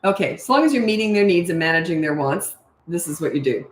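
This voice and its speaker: A woman's voice: on the low side, animated, fast. Chatty blunt woman parenting coach. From Canada. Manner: chatty, laughs often, blunt no-nonsense advice. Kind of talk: casual live-stream Q&A. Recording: echoey room.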